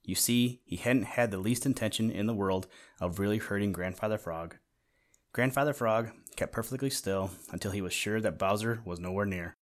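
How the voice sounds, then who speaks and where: Low-voiced man reading a storybook. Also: moderate pace. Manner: gentle, addressing the listener. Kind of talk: storybook narration.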